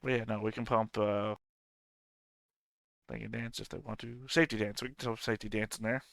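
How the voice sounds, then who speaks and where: A man's voice: fairly low pitch, little pitch movement, a little fast, vocal fry, a bit bright, dry recording. A man playing a tabletop game, joking and wisecracking with the table. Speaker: player. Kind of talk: casual tabletop banter.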